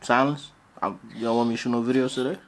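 A man's voice: mid-range voice, steady tone, fast. A man vlogging at home, talking in a coaxing, playful, slangy way to his young child while trying to film. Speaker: vlogger and father. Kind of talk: casual talk to a toddler on camera. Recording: clear background noise.

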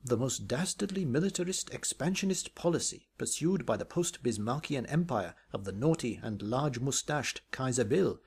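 A man's voice: mid-range voice, animated, moderate pace, hardly any pauses, darkish tone, breathy edge. A man doing a flowery, long-winded schoolboy. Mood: earnest. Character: polite schoolboy with ornate, flowery speech.

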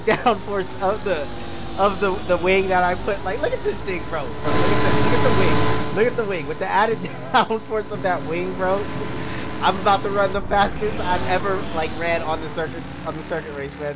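Pitched high, this young father's voice carries casual gaming commentary as he hosts a video. He's hyped and full of slang, talking both to viewers and to a friend.

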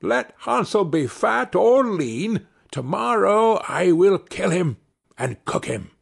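A man's voice: big pitch swings, creaky, breathy edge, full character voice. A man putting on a mocking old witch's voice. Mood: menacing. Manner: high, slow, drawn-out mocking voice. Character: wicked old female witch, mocking and greedy.

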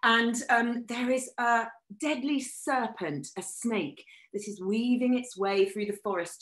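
A woman leading a live-streamed family workshop, telling the story in a lively, animated way. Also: a little high, unhurried. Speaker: workshop leader. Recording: echoey room.

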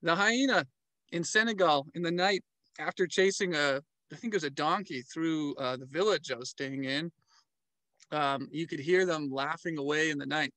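A travel vlogger and storyteller recounts his trips in a lively, casual manner, imitating the animals' sounds and movements along the way. His voice runs slightly high and his pace is normal. The audio is dry and close, without room echo.

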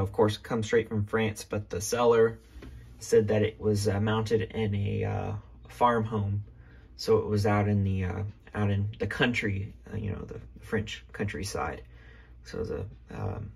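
A man's voice: fairly low pitch, slightly rough. A man hosting a casual show-and-tell vlog about an old phone from his collection, talking with many ums, uhs and restarts. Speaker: vintage telephone collector showing a phone.

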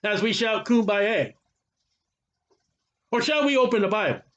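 A man teaching a Bible study as a sermon, animated, sarcastic and preachy, from the United States. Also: high voice, unhurried. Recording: muffled lo-fi recording.

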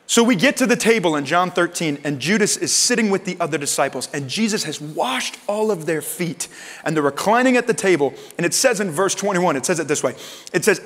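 A man preaching a sermon as pastor in a conversational way, acting out quoted lines in lively voices. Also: a little high, fast. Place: church sanctuary. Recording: long reverb of a church hall.

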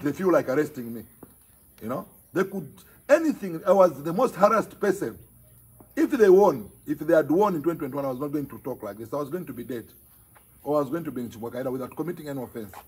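A Zambian man speaks as a provincial party chairman, lecturing his opponents with insistent repetition. His voice is strongly husky and raspy and sits a little high for a man. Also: a little mellow. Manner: emphatic, scolding, repeats phrases for force. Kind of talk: impassioned political speech to the press.

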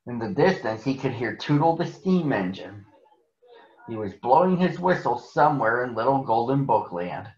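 A man reading a picture book aloud to children in a gentle, expressive way. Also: mid-range voice, moderate pace. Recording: echoey, muffled room recording.

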